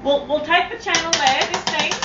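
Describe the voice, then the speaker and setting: A woman's voice: very high voice, normal speed, heavy background noise. A woman playing an opinionated, forgetful old woman who knits, scolding and stammering through gossipy chat in a comedy sketch. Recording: roomy, distant, dull home-video recording.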